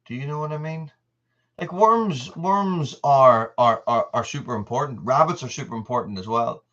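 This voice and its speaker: A man's voice: mid-range voice, normal speed, fairly bright tone, lo-fi sound. An Irish man hosting a casual livestream, rambling from point to point and answering viewers' comments by name. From Ireland. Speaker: channel host.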